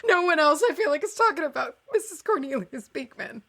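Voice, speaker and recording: A woman's voice: high-pitched, very animated, brisk, vocal fry, a bit bright, a little hiss or hum. A woman co-hosting a casual podcast, reading a text aloud and breaking in with exasperated, sarcastic asides. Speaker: podcast co-host.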